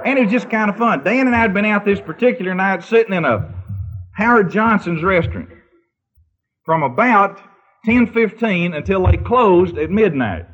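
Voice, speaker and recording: Folksy high-voiced storyteller man, lo-fi. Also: animated, normal speed, a bit bright. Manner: folksy anecdotal storyteller, breaks into sung bits and laughter. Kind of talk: humorous storytelling. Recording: dull lo-fi recording.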